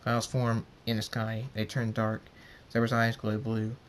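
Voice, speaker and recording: A man narrating his own pony fan story in a plain, unhurried reading voice. He stumbles now and then over words, and a faint rumble sits behind him. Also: monotone.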